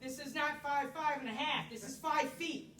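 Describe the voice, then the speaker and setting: A woman's voice: sits high, normal speed, crowd noise. A woman in her thirties from New York doing a crude, self-mocking stand-up set on a comedy club stage. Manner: brash, crude, self-mocking, loud put-on voices in bits.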